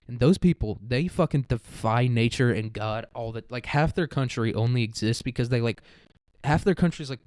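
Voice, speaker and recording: A man's voice: mid-range voice, a little mellow, no room sound. A man rambling through a crude, profane comedic monologue, full of "like" and "dude". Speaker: podcast host.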